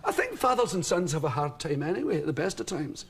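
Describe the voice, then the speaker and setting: A middle-aged Scottish man, a guest, telling funny stories in a lively chat and acting out voices and sounds. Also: on the high side, fast, slightly rough. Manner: animated, comic, acts out voices and sounds. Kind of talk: storytelling chat. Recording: studio audience laughter. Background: audience laughter.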